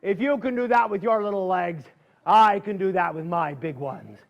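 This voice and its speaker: Guy doing a big hungry brown bear, growly and bragging, voice pitched up high. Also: normal speed, vocal fry, lo-fi sound. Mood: boastful. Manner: growling, boastful threats. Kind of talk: storytelling to a live audience.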